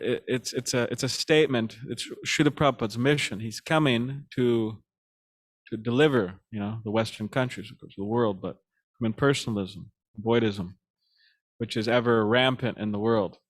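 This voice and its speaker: A man leads a devotional class in a loose, conversational way. He stops and restarts often, fills pauses with ums, and his mid-range voice carries an easy chuckle through his stories. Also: mid-range voice. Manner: halting, with many fillers and restarts; chuckles while telling stories. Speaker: speaker giving a scripture class.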